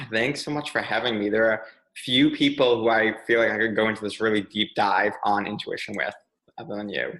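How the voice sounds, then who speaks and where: A young man in casual conversation, telling personal stories with a bright, forceful ring to his voice. He speeds up and lifts his voice when a moment excites him. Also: lowish voice, normal speed, poor audio. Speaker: podcast guest, PR consultant. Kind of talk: candid conversational storytelling.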